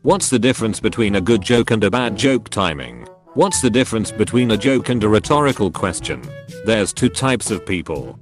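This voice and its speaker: A man reading a string of jokes as scripted narration, deadpan, dropping lower for punchlines. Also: moderate pace, faint music behind. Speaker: narrator reading Reddit posts.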